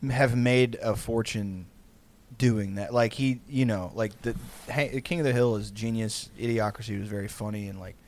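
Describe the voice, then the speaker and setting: A man's voice: fairly low pitch, steady tone, normal speed, darkish tone. Rambling, profane young man. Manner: rambling, profane, laughing often. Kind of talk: casual storytelling chat.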